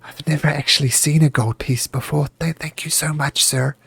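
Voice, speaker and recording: A man's voice: on the high side, fairly even intonation, normal speed, gravelly, fairly bright tone, husky, dry recording, heavily acted. Man doing a timid, stammering tiefling girl. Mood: hushed, grateful. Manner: stammering, nervous.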